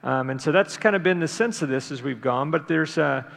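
A man, the pastor of his church, preaching a sermon in a conversational, unhurried way with frequent fillers and restarts. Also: a little high, gravelly, fairly bright tone. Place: church sanctuary. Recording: long reverb of a large hall.

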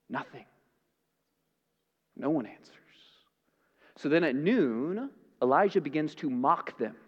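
A man preaching a sermon as pastor, dramatic, swinging from loud to hushed. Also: fairly high pitch, lively intonation, slow pace, long pauses, long reverb tail, dull audio.

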